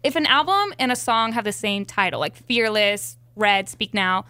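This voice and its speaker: A woman co-hosting a casual podcast, chatting in a bubbly way, full of "like" and quick laughs. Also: medium pitch, lively intonation, bright, forceful tone, no echo. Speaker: podcast co-host.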